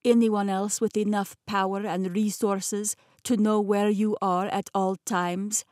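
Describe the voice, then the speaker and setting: Woman voicing Rasputin, thick Russian accent. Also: medium pitch, little pitch movement, darkish tone, no echo, clean studio sound, close to an everyday voice. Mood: persuasive. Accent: Russian (put on). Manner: smooth, coaxing, unhurried. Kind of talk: audiobook character voice.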